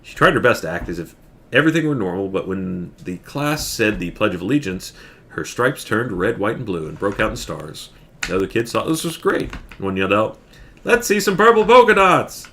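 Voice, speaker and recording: Animated man reading a children's book. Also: deep voice, a little fast. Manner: animated, with joking asides. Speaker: streamer reading a picture book.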